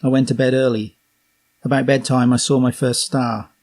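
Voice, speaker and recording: A man with a Norfolk English accent reading a memoir aloud as an audiobook, steady and unhurried, with occasional slips. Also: medium pitch. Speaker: reader.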